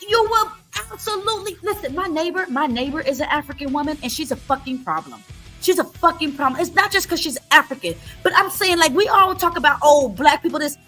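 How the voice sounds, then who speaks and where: A woman's voice: extremely high pitch, pushed and bright. A woman hosting a livestream, talking in a blunt, profane, repetitive rant. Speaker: livestream host.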